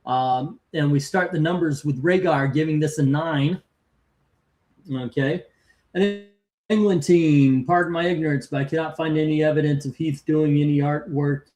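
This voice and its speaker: A man with a somewhat high voice hosts a relaxed live stream, talking in a chatty way. He reads out viewer comments and scores as he goes. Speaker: host of a live comic-cover ranking stream. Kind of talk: casual live-stream chat.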